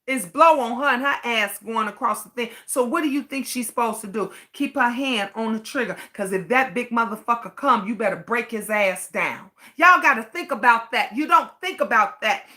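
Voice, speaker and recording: High, bright-voiced woman ranting emphatically. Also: expressive, moderate pace. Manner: emphatic, repeats phrases, swears freely. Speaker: livestream host reading viewer comments. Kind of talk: impassioned livestream rant.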